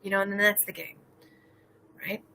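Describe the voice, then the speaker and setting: A woman's voice: mid-range voice, little pitch movement, moderate pace, gravelly, background noise. A woman in her thirties hosting a casual drinking livestream, rambling through stories, laughing and reading chat messages. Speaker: livestream host.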